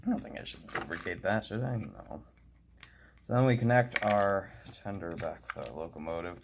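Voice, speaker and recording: Over a noisy background, a playful young man with a deep voice and lively intonation narrates a casual hobby video at normal speed. He chats to himself and to his model as he works, and drops to a whisper when things get fiddly.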